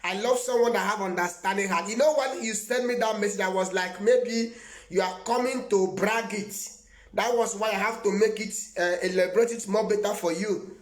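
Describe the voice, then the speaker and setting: A man's voice: high voice, brisk, roomy sound. A man with a Nigerian accent, a prophet preaching live to his viewers. He rambles emphatically, laughs often and answers viewers by name.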